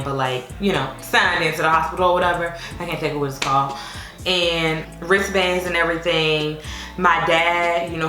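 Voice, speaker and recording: Young woman vlogger, slightly low voice, chatty storyteller, faint music under a roomy room sound. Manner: chatty and expressive, with many fillers. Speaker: vlogger telling her labor story. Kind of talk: casual storytime chat.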